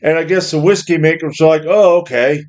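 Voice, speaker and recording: A man's voice: on the high side, little pitch movement, fast talker, a little mellow. Angry swearing man ranting. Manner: profane, angry, rambling. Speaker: worker ranting about jobs. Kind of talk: angry monologue rant.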